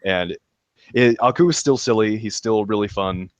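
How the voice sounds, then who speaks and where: A man's voice: fairly low pitch, normal speed, no room sound, muffled recording. A man chatting casually on a podcast, enthusiastically recapping a show, laughing and restarting his sentences with lots of ums. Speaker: podcast co-host reviewing a show. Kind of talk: casual review chat.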